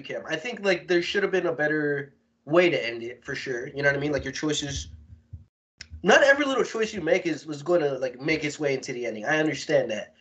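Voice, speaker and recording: A man's voice: a little high, a bit bright. A young man co-hosting a casual podcast chat, talking in slang, repeating himself and slipping into quoted voices. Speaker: podcast co-host. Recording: dull lo-fi podcast audio.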